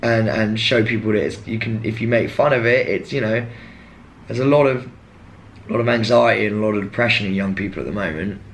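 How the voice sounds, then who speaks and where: A young man, talking casually and frankly to camera, rambling and jumping into animated impressions of others. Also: lowish voice, a little fast, slight background noise. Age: young adult. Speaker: former contestant.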